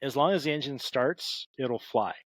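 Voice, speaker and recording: A man co-hosting a podcast, chatting in a halting way as he thinks aloud. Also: mid-range voice, no room sound. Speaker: podcast co-host. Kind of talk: casual chat.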